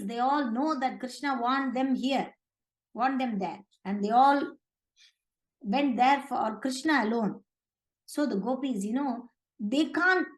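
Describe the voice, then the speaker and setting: A woman's voice: a little high, reverberant, poor audio. A woman retelling a scripture story in conversational English, with many fillers and restarts.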